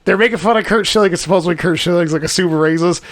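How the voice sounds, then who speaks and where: A man's voice: high voice, racing, fairly bright tone. A young man hosting a casual podcast, talking loosely with lots of cursing, fillers and laughter as he retells things. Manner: rambling, profane, laughs while retelling bits. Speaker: podcast host.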